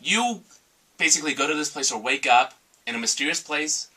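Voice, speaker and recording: Male co-reviewer, blunt and profane, mid-pitched and bright, picked up from across the room. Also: expressive, a little fast. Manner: blunt and profane, mock-quotes in a sarcastic voice. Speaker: game reviewer. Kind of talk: casual review chat. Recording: voice from far off the mic.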